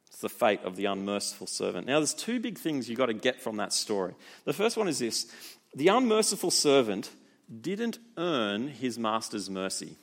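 A man delivers a sermon in an easygoing, conversational style. His voice sits at a middle pitch, and he keeps drawing listeners in with rhetorical questions and animated stresses. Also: normal speed. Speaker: preacher.

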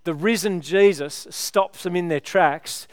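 A man's voice: high voice, measured pace, no echo, studio quality. A man preaching a sermon, retelling a story with rhetorical questions in a conversational way.

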